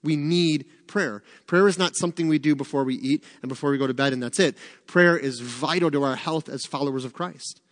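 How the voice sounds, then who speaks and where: A man preaches to a small group in a relaxed, conversational way, lively and joking between points. His voice sits a little high. Long reverb trails off the room around him. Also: brisk, few pauses. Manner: animated, chatty, joking asides. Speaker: pastor teaching a Bible study. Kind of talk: conversational sermon.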